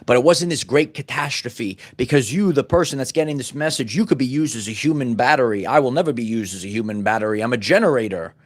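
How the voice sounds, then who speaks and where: The host of his own channel, a middle-aged man with a mid-range voice, rushes through an unscripted motivational monologue with few pauses. It comes out repetitive and preachy, riddled with stumbles and restarts.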